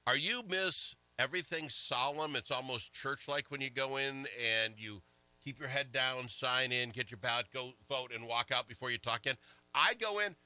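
A man hosting a casual political talk radio show, animated and indignant, swinging between loud outbursts and quiet asides. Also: mid-range voice, normal speed, no room sound, rough recording. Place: Minnesota.

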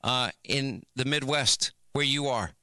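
A man hosting a call-in radio talk show, talking quickly with stammering restarts. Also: mid-range voice, bright, forceful tone, clear, resonant tone, dry recording. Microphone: studio microphone.

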